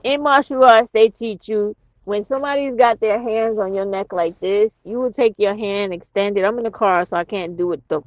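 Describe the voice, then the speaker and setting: On a dry, dull-sounding recording, a livestream host chats from her car at a normal speed, her medium-pitched voice blunt and emphatic, with plenty of swearing.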